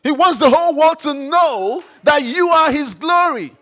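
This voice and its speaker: A man preaching a sermon, repeating phrases, firing questions at the congregation and rising to shouts. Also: extremely high pitch, expressive, unhurried. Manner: call-and-response, repeats phrases, rises to shouts; rhetorical questions to the audience.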